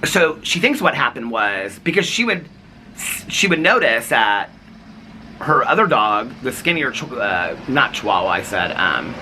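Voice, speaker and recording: A man's voice: mid-range voice, very animated, a little slow, pushed and bright, slight background noise. A man vlogger telling a long casual story, rambling with many fillers and acting out what others said. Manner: rambling, lots of "like", quotes others in raised voice.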